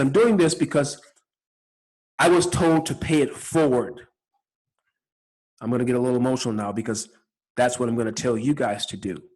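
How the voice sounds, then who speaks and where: A man's voice: a little high, darkish tone, rough recording. A middle-aged man hosting a podcast, telling a personal story in an earnest, spiritual way, often repeating words. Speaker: podcast host.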